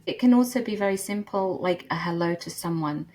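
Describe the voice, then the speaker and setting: A woman's voice: lowish voice, fairly quick, a little mellow, slight background noise. A middle-aged woman telling a personal story in casual chat, laughing often and acting out the voices she quotes.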